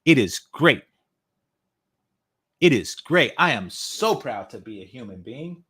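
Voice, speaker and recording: A man's voice: mid-range voice, very animated, takes it slowly, a bit bright, husky. A man giving reaction commentary online, blunt and mocking, hammering his points home by repeating them. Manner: blunt, mocking, emphatic repetition.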